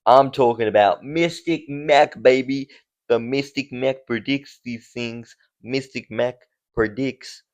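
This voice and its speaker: A man's voice: mid-range voice, slow pace, darkish tone, pitched above the performer's own voice, lightly acted. A man putting on a hammy mock accent to play a cocky male Irish fighter making bold predictions. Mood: boastful.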